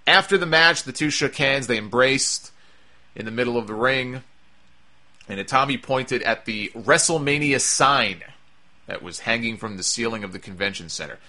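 A man's voice: mid-range voice, expressive, normal speed, bright, forceful tone. A man giving a casual, chatty recap of a wrestling show, with wry asides and frequent fillers.

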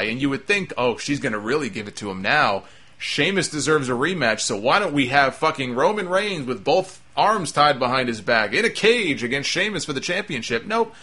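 A man's voice: mid-range voice, sharp tone. A man hosting a solo commentary podcast, ranting in a sarcastic, profane, casual way. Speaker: wrestling podcast host.

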